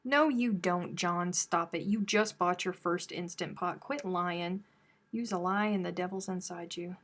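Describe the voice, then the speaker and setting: A woman's voice: lowish voice, unhurried. Chatty Southern woman telling stories. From American South. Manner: chatty storytelling, animated when telling stories. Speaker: crochet live stream host. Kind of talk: casual live chat with viewers.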